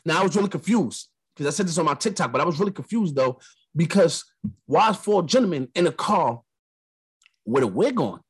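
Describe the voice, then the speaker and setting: A young man from New York with a New York accent, hosting a podcast and telling a story in a casual monologue, animated, acting out the lines of the people in it. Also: fairly high pitch, brisk, husky. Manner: animated storyteller, acts out quotes. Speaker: podcast host.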